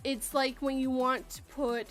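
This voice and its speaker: Brief: female host, rambling and laughing easily, slightly high pitch. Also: little pitch movement, measured pace, faint music behind. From Canada. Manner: giggly, rambling, self-deprecating. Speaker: podcast host. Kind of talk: casual chat.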